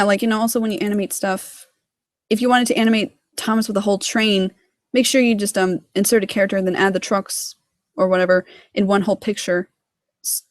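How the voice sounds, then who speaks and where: A woman's voice: mid-range voice, dry recording, clean studio sound. A woman giving a casual livestream tutorial on her animation work, rambling with lots of fillers. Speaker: hobby sprite animator.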